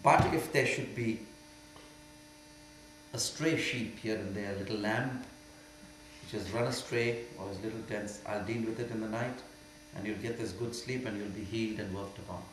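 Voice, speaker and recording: An older man from India with an Indian accent, a spiritual teacher answering questions in an emphatic way that moves from quiet to loud. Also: lowish voice, moderate pace. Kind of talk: spiritual Q&A talk. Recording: very echoey hall with faint hum.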